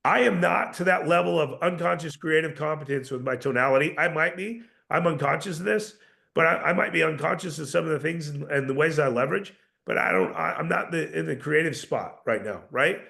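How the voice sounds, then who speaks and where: A man leading a live sales training, coaching with lots of rhetorical questions and energetic restarts. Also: on the high side, fairly quick, vocal fry.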